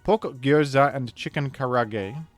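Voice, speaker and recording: A man talks through a game in a loose, chatty commentary, often correcting himself mid-sentence. His voice sits at an ordinary middle pitch. Faint music plays underneath. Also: unhurried. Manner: rambling, chatty, self-correcting. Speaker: gaming video creator. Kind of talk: casual gameplay commentary.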